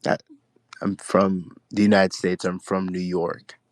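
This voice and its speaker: A man calling in to a live audio chat show, talking in a low, smooth, hesitant way. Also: little pitch movement, slow, no echo. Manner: low, smooth and hesitant, with an accent others call foreign. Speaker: caller. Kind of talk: call-in chat.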